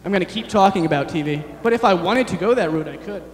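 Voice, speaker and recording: A young man performing a rambling, self-deprecating stand-up set, halting often with fillers. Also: high voice, reverberant, long reverb tail. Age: young adult. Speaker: stand-up comedian. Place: large chapel hall on stage.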